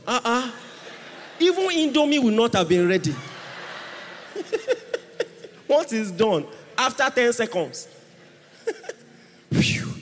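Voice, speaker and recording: A man preaching a sermon, emphatic, swinging from hushed asides to shouted exhortation. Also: sits high, a little hiss or hum. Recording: long reverb of a large hall.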